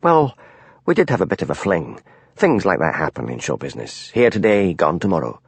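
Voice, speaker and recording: A man's voice: sits low, big pitch swings, fairly quick, gravelly, slightly rough, no echo, exaggerated voice. A man voicing a haughty, prickly actress who answers defensively, in a raised voice. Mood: affronted. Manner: affronted, defensive.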